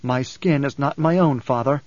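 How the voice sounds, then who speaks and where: A man voicing a calm, resolute young man who speaks softly in a low, conversational tone. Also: moderate pace, no room sound, lo-fi sound, natural voice.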